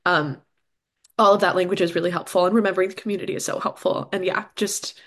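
A woman's voice: lowish voice, steady tone, quick pace. Chatty woman guest, laughing often. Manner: chatty, lots of likes and ums, laughs often. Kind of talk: casual chat.

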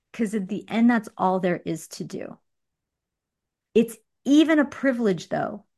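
A woman hosting a conversational coaching chat about money. She talks in an animated, emphatic way and laughs often. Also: fairly high pitch, takes it slowly, pauses often.

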